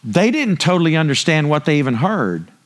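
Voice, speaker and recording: Preaching a sermon, a man speaks emphatically and poses rhetorical questions to the congregation, drawing listeners in with repeated cues. His voice is a little high, swings widely in pitch, and moves at a brisk pace.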